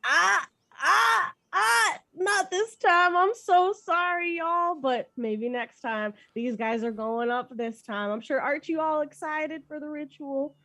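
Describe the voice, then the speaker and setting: A woman's voice: on the high side, fairly even intonation, moderate pace, hardly any pauses, natural voice. A woman voicing a friendly, drawling woman adventurer with a folksy, chatty way of talking. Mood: cheerful. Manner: folksy and chatty, says y'all.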